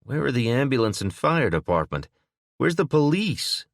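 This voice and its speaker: A man's voice: mid-range voice, very animated, normal speed, vocal fry, dry recording, clean studio sound, pitched above the performer's own voice. A man voicing a protective single father giving urgent, commanding instructions in a crisis.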